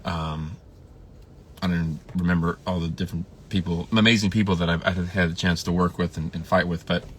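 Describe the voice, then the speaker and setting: A filmmaker reminisces about a late colleague in casual livestream storytelling, speaking fairly quickly. His voice is low, steady, fairly bright and husky. He rambles with many fillers and restarts, growing emotional at times.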